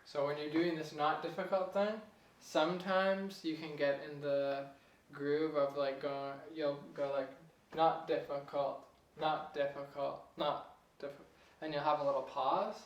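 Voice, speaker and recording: A young man giving a casual piano lesson, relaxed and chatty, chuckling at himself now and then. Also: on the high side, moderate pace, hardly any pauses, recorded from a distance, lo-fi sound. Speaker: piano teacher. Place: room with a piano. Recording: echoey room, voice off-mic.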